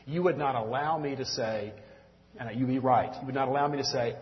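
A man's voice: medium pitch, brisk. A middle-aged man with a Southern US accent, from Mississippi, teaching a church group in a folksy, earnest, conversational sermon and calling listeners y'all. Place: church room with audience. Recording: dull lo-fi recording in echoey hall.

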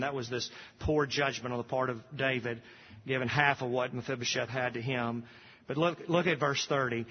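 A pastor preaching a sermon, rising to emphatic repeated refrains, recorded from a distance in a church sanctuary. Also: male voice, medium pitch, fairly even intonation, normal speed, husky, big-room sound, muffled recording.

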